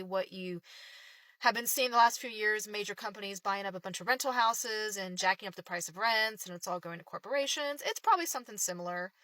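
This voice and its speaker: A woman's voice: medium pitch, bright, forceful tone, no room sound. Blunt, profane middle-aged woman ranting. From Oklahoma, United States. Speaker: builder sharing opinions. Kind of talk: casual opinion rant to camera.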